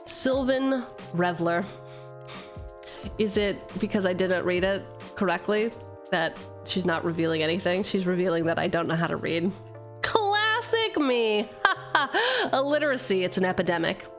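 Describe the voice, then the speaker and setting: Her voice sits on the low side and moves at normal speed as she opens card packs on a live stream, soft music playing behind. Playful and self-deprecating, this woman reads card text aloud, swears freely and switches between jokes and reading.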